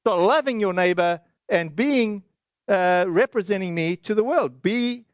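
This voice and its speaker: A man's voice: high-pitched, a little slow, dry recording, highs cut off. A man preaching a sermon as pastor, earnest and conversational, often restarting and acting out little quoted asides.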